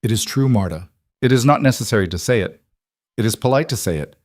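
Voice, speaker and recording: A man voicing a calm, formal mafia boss in a storybook narration, speaking in measured, deliberate sentences. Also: mid-range voice, no room sound, studio quality, close to an everyday voice. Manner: formal, measured, dryly patient.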